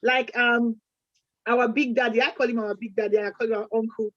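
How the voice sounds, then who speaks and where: A woman's voice: a little high, fairly even intonation, brisk, a bit bright, dry recording. A woman co-hosting a community event, chatty and full of proverbs, restarting her sentences often. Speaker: event co-host. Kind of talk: closing remarks at a community event. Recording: dull lo-fi sound.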